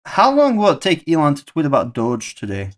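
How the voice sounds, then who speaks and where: A man's voice: on the high side, wildly swooping pitch, fairly quick. A man streaming live, playfully questioning an AI assistant in casual chat.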